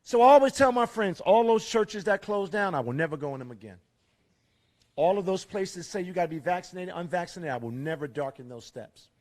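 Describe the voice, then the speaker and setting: Fairly quick in pace, a middle-aged man with a notably high voice gives a fiery, sermon-like rally speech at the fairgrounds. Rhetorical questions pour out, and he drops from loud to hushed for emphasis.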